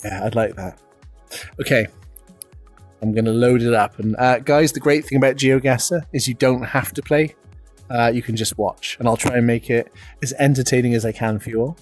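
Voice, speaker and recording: A man's voice: mid-range voice, steady tone, moderate pace, soft background music. A British man streaming live, chatty and self-deprecating, laughing often as he talks to viewers. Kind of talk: casual live-stream chat.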